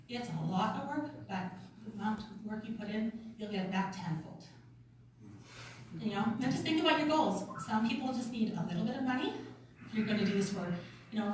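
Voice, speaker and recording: A woman's voice: medium pitch, slight background noise. A woman giving a casual, chatty motivational talk to a room at a retreat, laughing often and acting out little quotes. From Canada. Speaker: sales consultant speaking at a retreat. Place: conference room. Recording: echoey hall, mic from far off.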